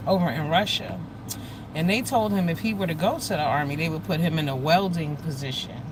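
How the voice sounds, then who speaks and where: An American woman hosting a casual livestream, chatting with viewers in a blunt, profane and animated way. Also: low-pitched, a little fast, background noise. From United States. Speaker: livestream host.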